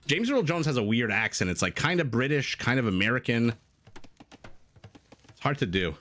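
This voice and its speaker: A man casts a strategy game live at a moderate pace, his medium, slightly bright voice sing-song and often pausing. He banters jokily with his chat, reads their messages out, and digresses freely.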